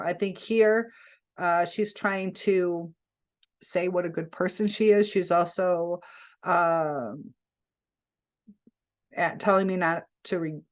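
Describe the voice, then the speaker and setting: Low-voiced woman rambling through a story. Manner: rambling, chatty, frequent "um" and self-corrections. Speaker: vlogger recounting a scam attempt. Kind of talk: casual storytelling to camera.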